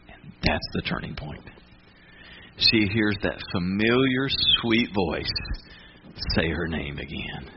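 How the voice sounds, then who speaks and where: A man's voice: fairly low pitch, lively intonation, moderate pace, muffled recording, background noise. A man preaching a sermon, retelling a story with rising fervor and voicing the people in it. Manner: builds to near-shouting fervor, acts out voices of angels and Mary. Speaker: pastor.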